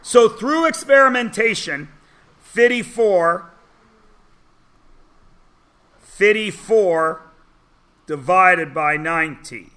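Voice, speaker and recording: A man teaching a math class in a classroom, chatty and teasing, often checking in with quick questions. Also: high voice, lively intonation, bright, forceful tone. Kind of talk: classroom lesson.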